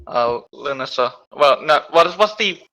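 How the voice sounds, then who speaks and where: A man's voice: mid-range voice, animated, normal speed, vocal fry, bright, forceful tone, rough recording. A man playing a tabletop game, thinking aloud and unsure of names. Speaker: player.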